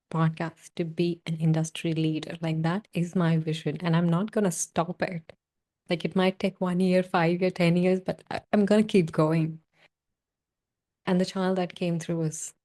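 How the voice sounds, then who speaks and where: Young woman podcast host, heartfelt monologue, warm low-ish voice. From South Asian diaspora. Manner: earnest, emotional, uses "like" often.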